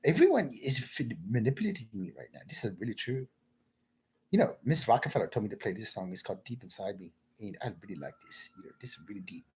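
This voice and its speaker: A man's voice: lowish voice, very animated, fast, darkish tone, husky. A man talking in a rambling solo monologue, drifting from thought to thought and calling the listener "man.".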